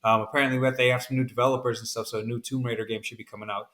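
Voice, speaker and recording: A man's voice: mid-range voice, flat delivery, very fast, a bit bright. A man from the American South co-hosting a podcast in casual chat, laid-back and rambling, calling his friend "man". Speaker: podcast co-host.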